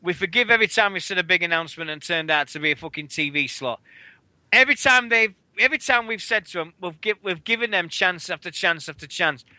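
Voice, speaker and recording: A man's voice: sits high, dry recording. A British man co-hosting a wrestling radio show, ranting in casual, sweary chat. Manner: swearing, excitable, fast ranting.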